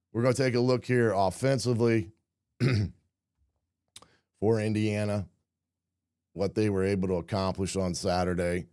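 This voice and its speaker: Low-voiced hoarse man breaking down football. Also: warm tone, dry recording, studio quality. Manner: frequent throat clearing, many fillers. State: losing his voice, hoarse. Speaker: football analyst host. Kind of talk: casual game film breakdown.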